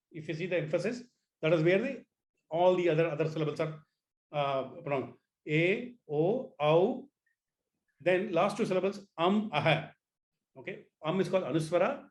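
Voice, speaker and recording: A man teaches an online class, his voice sitting a little high. He restarts phrases often and coaxes his students to repeat the sounds after him. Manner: repeats words, asks students to try sounds.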